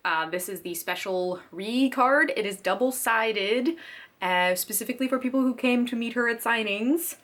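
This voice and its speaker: A woman book vlogger chatting casually to camera, giggly and gushing with fan excitement. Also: on the high side, moderate pace.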